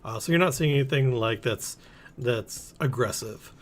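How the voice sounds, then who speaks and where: A man's voice: mid-range voice, normal speed, a little hiss or hum. Guy running a tabletop game, average voice, lots of ums n restarts. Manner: hesitant, many ums and restarts while recalling details. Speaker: game master.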